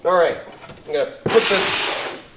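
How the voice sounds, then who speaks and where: A fairly high-voiced young man chats through a livestream, enthusiastic and easygoing as he talks about animals. His voice rings around an echoey room. He talks in a loose, rambling way, jumping between topics. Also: animated, measured pace, background noise. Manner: enthusiastic, chatty. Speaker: reptile keeper and livestream host. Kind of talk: casual livestream chat.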